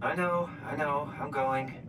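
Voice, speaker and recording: A tense, wary man, played by a game actor, talks in clipped, uneasy bursts. His voice sits a little high. Ambient hum runs under the game audio. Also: steady tone, measured pace, natural voice.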